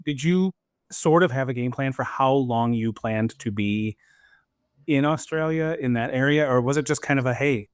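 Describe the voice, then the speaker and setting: A man hosting a podcast, asking relaxed, easygoing questions in a conversational way. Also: mid-range voice, normal speed, smooth, no room sound, studio quality. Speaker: host. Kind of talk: conversational interview.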